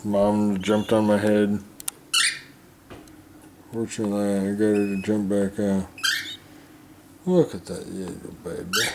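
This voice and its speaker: Slow, cooing man talking to his birds. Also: lowish voice, flat delivery, background noise. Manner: cooing baby talk, often drops to a hush. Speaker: pet bird keeper. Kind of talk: casual vlog talking to pet birds.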